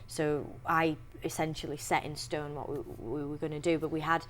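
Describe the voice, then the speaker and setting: A young woman with a Yorkshire accent, chatting in an interview as an actress, talking freely with restarts and quick laughs. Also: sits low, level tone, slight background noise. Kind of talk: casual interview chat.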